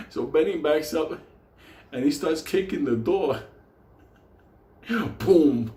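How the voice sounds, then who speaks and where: A man's voice: on the high side, unhurried, long pauses, dark tone, reverberant. A man telling a wild story in a rowdy, profane way, often laughing as he talks.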